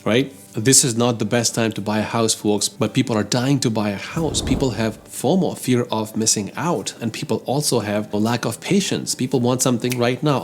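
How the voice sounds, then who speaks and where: A man's voice: medium pitch, fairly quick, a little mellow. Emphatic man ranting about the economy. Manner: emphatic, addresses listeners as folks, gets heated. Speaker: host. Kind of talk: opinionated commentary on the economy.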